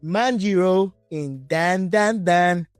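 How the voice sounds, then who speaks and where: A man hosting an interview podcast, a Spanish native speaker talking in English, excited and chatty. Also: sits high, takes it slowly, clear, resonant tone, dry recording, studio quality, soft background music. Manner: excited, chatty, rephrases often. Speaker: podcast host. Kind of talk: casual interview chat.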